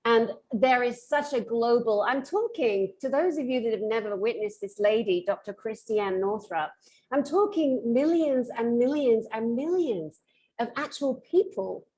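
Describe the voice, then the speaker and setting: A woman's voice: a little high, animated, measured pace, a little mellow. A woman hosting a casual interview over a video call, effusive and enthusiastic. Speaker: host.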